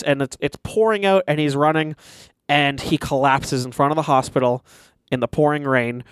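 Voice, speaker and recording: Animated young man retelling a movie. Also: medium pitch, normal speed, clean tone, dry recording. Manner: animated, swears often, acts out quotes. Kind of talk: casual chat, retelling a movie.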